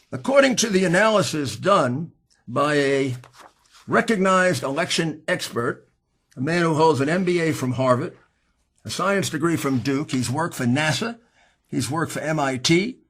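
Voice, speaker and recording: A man with a husky voice giving an impassioned, combative political speech, pushing hard on key words. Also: on the high side. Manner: emphatic, combative, rising to shouts. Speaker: speaker at a political hearing.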